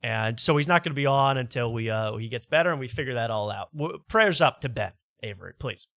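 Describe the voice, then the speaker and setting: A man hosting a late-night show in a loose, rambling way, stumbling over his own words and doubling back mid-thought. His voice is bright and forward, in a middle register, recorded close and dry with almost no room sound. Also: medium pitch, expressive, brisk, vocal fry, dry recording. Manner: rambling, self-interrupting, stammers on repeated words. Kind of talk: casual late-night monologue.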